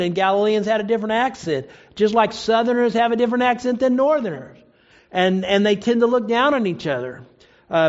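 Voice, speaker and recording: A man preaching a sermon, retelling a story and acting out the quoted lines. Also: muffled recording. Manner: storytelling, acts out quoted lines with rising pitch.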